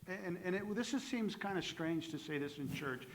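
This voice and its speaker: A middle-aged man, a pastor, moderating a church panel in a halting way, restarting his phrases as he searches for words. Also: sits high, animated, a little hiss or hum, low-quality recording.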